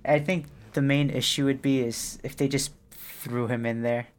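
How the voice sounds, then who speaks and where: A man co-hosting a podcast, relaxed and easygoing in casual chat. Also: mid-range voice, normal speed. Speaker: podcast co-host.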